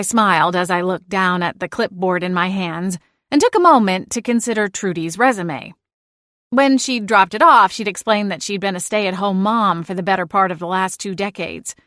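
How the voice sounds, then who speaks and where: A woman narrating a cozy audiobook in the first person, lively and expressive. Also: mid-range voice, moderate pace, dry recording, clean studio sound.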